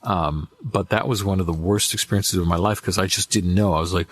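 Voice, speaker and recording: Brief: low-pitched man, voice actor guest, lively storyteller, dry close mic. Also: brisk, no echo. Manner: animated anecdotes with acted-out quotes. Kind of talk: casual interview storytelling.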